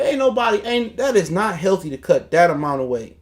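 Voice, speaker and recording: A man's voice: high-pitched, big pitch swings, fairly quick. Heated, profane boxing-show man. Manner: heated, profane, mocking, laughing. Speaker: boxing talk show host. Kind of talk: casual livestream rant.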